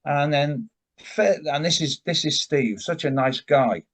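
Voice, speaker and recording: A man's voice: fairly high pitch, expressive, measured pace. An older man, a rock vocalist, telling long rambling anecdotes as an interview guest, with frequent restarts and tangents. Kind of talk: casual storytelling interview.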